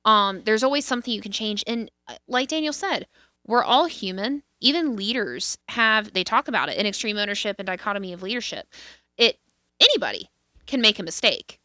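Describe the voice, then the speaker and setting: A woman's voice: medium pitch, sing-song, fairly quick, sharp tone, no room sound, clean studio sound. A woman co-hosting a podcast in casual, candid chat, swearing freely and restarting her sentences often. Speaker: podcast co-host.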